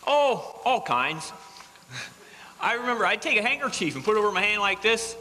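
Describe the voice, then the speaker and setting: A man spins a folksy tall tale in a live stage comedy routine and chuckles at his own punchlines. His voice is very bright and lively in pitch. It carries a long hall echo from the live show. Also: normal speed. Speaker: comic storyteller on stage.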